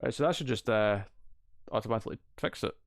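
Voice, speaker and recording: A man's voice: medium pitch, quick pace, creaky, dry recording, clean studio sound. A man hosting a casual livestream, chatting and reading out viewer comments in a rambling, self-amused way. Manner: rambling, chatty, laughs at himself. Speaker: livestream host.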